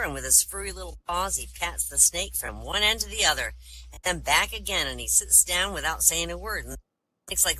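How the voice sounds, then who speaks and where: A woman's voice: a little fast, slightly rough, poor audio. A woman telling jokes at a voice comedy show, acting out the characters with big jumps in her voice. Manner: animated, acts out characters with big pitch jumps. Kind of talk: live comedy joke-telling.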